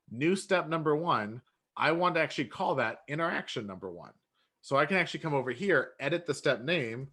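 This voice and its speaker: A man explaining step by step how to build a workflow in software, relaxed and often correcting himself. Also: mid-range voice. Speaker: software trainer. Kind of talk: screen-share software tutorial.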